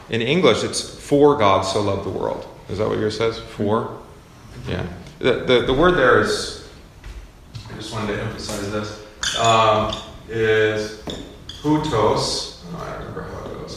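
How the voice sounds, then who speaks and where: Casual Bible study leader, a man with a low, gravelly voice, echoey room. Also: normal speed, a bit bright. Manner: conversational, self-correcting, asks the class questions. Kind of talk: informal classroom teaching. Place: classroom or church meeting room. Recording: echoey room with faint noise.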